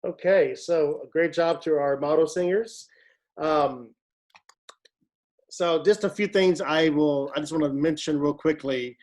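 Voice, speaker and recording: A man leading a choir rehearsal, explaining a piece with many pauses and restarts and singing short phrases to show the point. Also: on the high side, darkish tone, rough recording. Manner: halting, many fillers and restarts, sings short phrases to demonstrate. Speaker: choir director. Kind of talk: rehearsal instruction.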